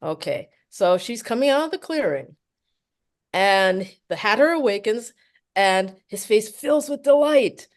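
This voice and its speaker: A woman from New York, a soprano and author, telling a story as an interview guest and acting out the quotes. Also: on the high side. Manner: animated, acts out quotes and laughs often.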